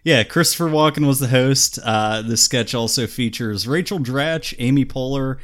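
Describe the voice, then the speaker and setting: Relaxed male podcast co-host. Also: medium pitch. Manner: relaxed, many "uh" pauses, chuckles. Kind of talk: casual chat.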